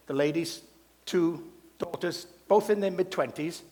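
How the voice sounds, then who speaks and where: A man's voice: sits high, normal speed, long pauses, a little mellow. A man hosting a variety show, telling jokes on stage and introducing acts with a showman's flair. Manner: showman, playful. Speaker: emcee. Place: stage in a hall. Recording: long hall reverb.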